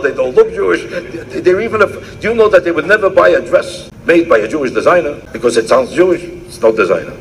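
A man's voice: on the high side, animated, quick pace, few pauses, noisy background. A male comedian delivering an archival monologue with emphatic, mocking punch lines.

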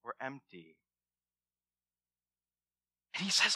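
A man preaching a sermon as pastor, swinging between loud emphasis and hushed words and asking the congregation direct questions. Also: fairly high pitch, lively intonation, normal speed, dry recording, studio quality.

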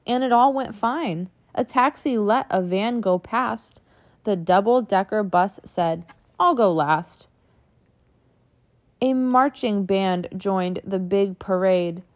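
A woman reading a children's picture book aloud in an expressive sing-song way, adding little sound effects. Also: mid-range voice, slow pace.

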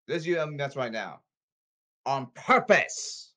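A man's voice: mid-range voice, expressive, very fast, a bit bright. A man delivering an angry, repetitive rant, scolding and demanding, often stumbling over his words.

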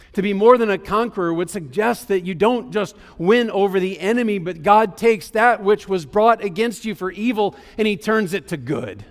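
A man with a high-pitched voice preaches a sermon, driving his points home with emphatic declarations and drawn-out key phrases. His voice carries a long reverb, as in a large hall. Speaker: pastor.

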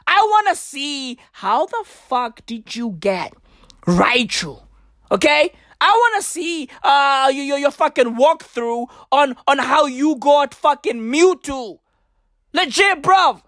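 An exasperated woman in a comic rant, profane and repetitive, bursting into shouts. Her voice sits high and swoops widely, and her delivery is slow and deliberate. The recording is dry and close. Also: expressive, no room sound. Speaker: ranting vlogger.

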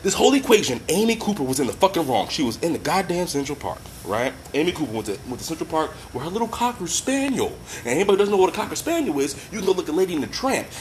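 A commentator delivers an impassioned, profane rant, speaking bluntly, swearing constantly, and addressing listeners head-on. The voice is medium-pitched, very animated and very fast with hardly any pauses, over slight background noise.

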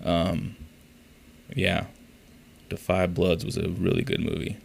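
A man's voice: low voice, completely flat delivery, slow, gravelly. A man hosting a casual solo podcast, telling profane, rambling, exasperated stories about his week. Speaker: podcast host.

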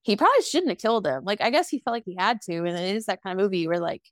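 A woman in her twenties chatting casually as a podcast co-host, recapping a film with sass, swearing freely and acting out lines in quick voices. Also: mid-range voice, lively intonation, no echo, studio quality. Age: 20s. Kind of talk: casual movie recap chat.

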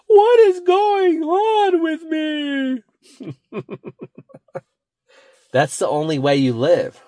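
A young man rambles through a solo podcast episode. His voice sits a little low, and he talks in a loose, self-mocking way. The recording is dry and close, with no room sound. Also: dry recording. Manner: rambling, self-mocking, says "dude" a lot. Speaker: podcast host.

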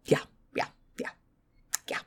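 A woman co-hosting a podcast in casual chat, chatty and profane, laughing often as she recaps. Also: slow pace. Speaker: podcast co-host.

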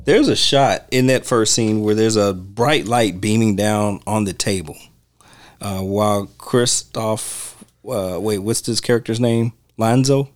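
Low-voiced man in relaxed podcast chat. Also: measured pace, dry recording. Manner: easygoing, laughs often, searches for names. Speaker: podcast host. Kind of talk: casual film commentary chat.

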